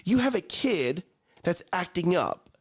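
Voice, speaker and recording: A man in his thirties co-hosting a morning talk show, speaking casually in an animated, coaching way and often repeating his words. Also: sits high, a little slow, slightly rough. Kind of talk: casual chat.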